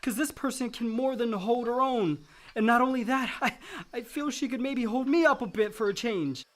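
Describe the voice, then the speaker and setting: A man's voice: very high voice, moderate pace. An actor playing Chip, a grown son who is anguished and lonely, his voice raw and breaking in a radio drama. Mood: confessional.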